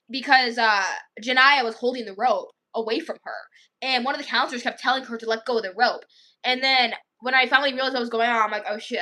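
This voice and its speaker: A young woman vlogger tells a story to camera in a voice on the high side with a sharp tone. She's casual and chatty, says "like" constantly, and acts out what the kids said.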